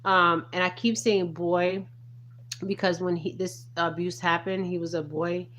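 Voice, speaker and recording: A low-pitched woman speaks in an earnest, emphatic way and checks in with "okay?" after nearly every point. It sounds like a casual spiritual commentary vlog with a faint hum underneath. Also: fairly even intonation, a little slow, fairly bright tone. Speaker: spiritual reader.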